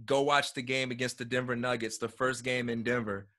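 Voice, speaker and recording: A man talking as a guest in a casual conversation, animated and acting out quotes as he tells a story, heard over a video call. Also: medium pitch, brisk. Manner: animated storyteller, acts out quotes, repeats words.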